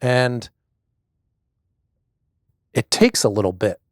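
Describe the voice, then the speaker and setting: A man's voice: medium pitch, big pitch swings, takes it slowly, no echo, clean studio sound. A middle-aged man reflecting thoughtfully and hesitantly in a casual conversation, often restarting his sentences. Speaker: guest, husband.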